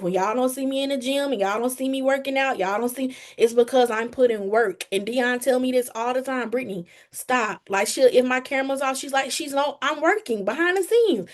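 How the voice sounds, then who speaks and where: A woman with a fairly high voice tells her own story on a group call, earnest and emphatic. She keeps speaking straight to the listeners. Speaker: team member giving a testimony. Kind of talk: call testimony. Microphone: phone or video call.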